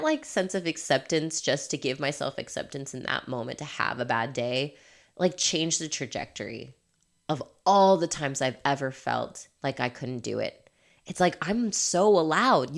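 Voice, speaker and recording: A woman's voice: low voice, very animated, normal speed, gravelly. A woman coaching in a candid motivational monologue, emphatic and laughing often, swearing freely. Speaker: life coach.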